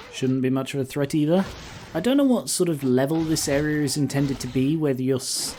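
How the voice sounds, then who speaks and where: Mellow-voiced man rambling through a game. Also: mid-range voice, a little hiss or hum. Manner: rambling, thinks aloud with fillers and asides. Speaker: let's-play host. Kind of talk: casual game commentary.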